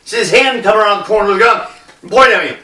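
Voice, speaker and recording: A man's voice: sits high, quick pace, bright, forceful tone. A middle-aged man telling a personal story in a blunt, rambling, profane way. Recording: echoey room, distant mic.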